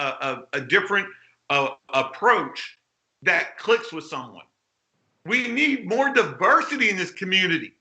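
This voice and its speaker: A man giving an animated, blunt conference keynote, exclaiming and acting out quotes with mild swearing. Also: high voice. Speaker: keynote speaker at a hacking conference. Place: conference hall. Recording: roomy hall echo.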